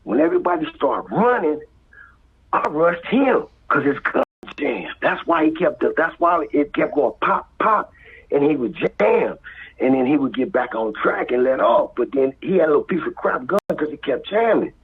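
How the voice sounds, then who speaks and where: A man with a Los Angeles accent telling a street story as a guest, acting out voices and sound effects and dropping to whispers, with a very husky voice. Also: on the high side, animated, moderate pace. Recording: tinny phone-like line.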